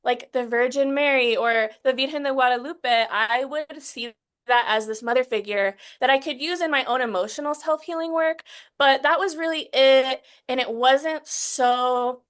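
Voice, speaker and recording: A fairly high-voiced woman in her thirties speaks as an interview guest. She talks in an earnest, halting way, restarting sentences often and at times growing emotional as she recounts hard memories. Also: fairly bright tone, clean tone. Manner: gets emotional while recounting.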